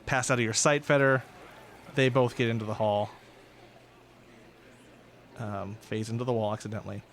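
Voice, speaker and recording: A man's voice: on the low side, steady tone, moderate pace, a little hiss or hum. A man narrating a tabletop game as game master, setting scenes in a casual, conversational way. He is self-deprecating and laughs easily.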